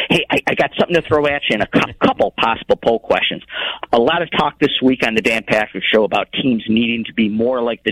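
A man's voice: lowish voice, a bit bright, no echo, rough recording. A man calling in to a sports radio show, chatty and friendly. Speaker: caller. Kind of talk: call-in chat.

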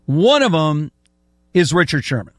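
A man's voice: fairly high pitch, big pitch swings, a little slow, no echo. An older man hosting a casual sports debate, making emphatic points and reeling off statistics. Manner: emphatic, lists stats at length. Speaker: sports talk host.

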